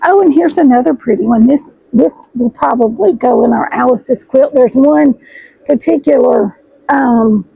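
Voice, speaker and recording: A middle-aged woman, chatting excitedly to her viewers as she unboxes fabric, her voice hoarse and froggy. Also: high voice, a little slow, no room sound, lo-fi sound. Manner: chatty, gushing, addresses viewers as y'all. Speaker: sewing vlogger host. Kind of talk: casual chat while unboxing fabric.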